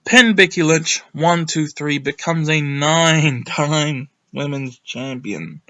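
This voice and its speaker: Young guy rambling thru a wrestling recap, kinda high bright voice, gets hyped and swears a bit. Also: takes it slowly, muffled recording. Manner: rambling, excitable, sweary, lots of ums. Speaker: wrestling reviewer. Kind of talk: casual recap monologue.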